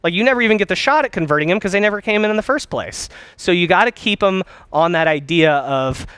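High-voiced, energetic male trainer. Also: fast, clean tone, no room sound. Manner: energetic, conversational, acts out sample phone calls. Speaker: dental practice consultant. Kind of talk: course talk on phone skills.

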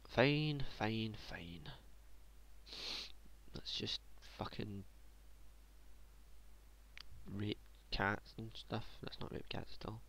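A man commentates his own strategy game in a loose, casual way. He mutters to himself, cracks jokes and swears freely, in a voice that sits on the low side. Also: completely flat delivery, a little slow, vocal fry, few pauses, pushed and bright. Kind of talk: casual let's play commentary.

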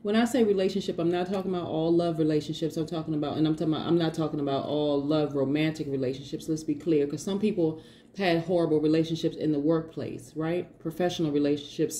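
A woman's voice: low-pitched, dark tone, a little hiss or hum. A woman giving a casual tarot reading, chatty and emphatic, repeating her points and laughing often. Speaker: tarot reader.

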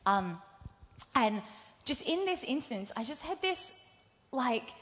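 A woman's voice: sits high, big pitch swings, fairly bright tone. Young woman sharing a faith testimony. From Australia. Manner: candid and halting, many fillers, acts out her own past words. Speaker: speaker giving a testimony. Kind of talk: personal faith testimony to a live audience. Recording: live event hall reverb.

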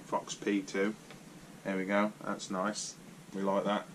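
Dad, very low voice, gentle and encouraging, casual home chat, faint hiss behind. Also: male voice, monotone, takes it slowly. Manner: gentle, encouraging, prompting questions. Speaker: father. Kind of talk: casual chat with his young daughter.

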